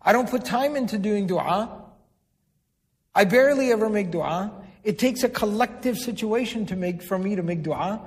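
A man's voice: high voice, animated, normal speed. A man giving a sermon, explaining terms, repeating words for emphasis and putting questions to the audience. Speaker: Islamic preacher. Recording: long hall reverb.

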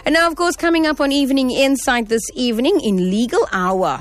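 A woman's voice: sits high, lively intonation, fairly quick, no echo. Lady on the radio, chatty and friendly, dry close mic sound. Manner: friendly, chatty, laughs easily. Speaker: radio presenter. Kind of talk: community radio show. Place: radio studio. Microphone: studio microphone.

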